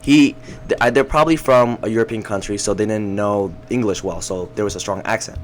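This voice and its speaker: A man's voice: lowish voice, brisk, a little hiss or hum. A young man co-hosting a podcast, telling stories in a laid-back way with lots of slang and swearing. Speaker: podcast co-host. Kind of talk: casual chat.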